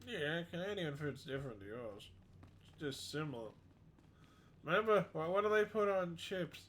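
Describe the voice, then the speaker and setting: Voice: mid-range voice, animated, moderate pace, a bit bright. A streamer chatting and teasing while gaming. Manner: teasing, laughs a lot. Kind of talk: casual gameplay chat.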